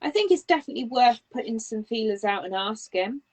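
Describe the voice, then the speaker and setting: A woman from northern England, co-hosting a crafting podcast in casual chat, encouraging and quick to agree. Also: a little high, animated, a little mellow, poor audio. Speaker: podcast co-host.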